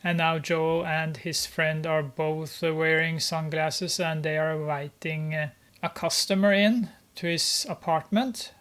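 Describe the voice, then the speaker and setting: This is a casual film recap delivered at an unhurried, drawn-out pace. The speaker keeps stopping on little filler sounds and sounds openly amused by the story, teasing its characters along the way. The pitch sits in an ordinary middle range. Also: fairly even intonation, a bit bright, clear, resonant tone. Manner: halting, with many filler pauses and frequent laughter; amused and mocking. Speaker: movie recap commentator.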